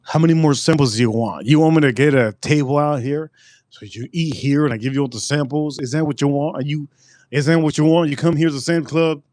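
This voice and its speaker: Man hosting a livestream with loose, profane jokes; a slightly high voice, dry and close. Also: fairly quick, a little mellow, no room sound. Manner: rambling, joking, profane. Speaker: livestream host. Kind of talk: casual livestream chat.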